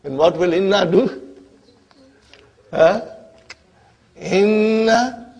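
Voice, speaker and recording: A man teaching an Arabic grammar class, speaking slowly and deliberately and often checking that his listeners follow. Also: high-pitched, darkish tone, slightly rough, lo-fi sound. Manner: slow, deliberate, constantly checks on listeners with questions.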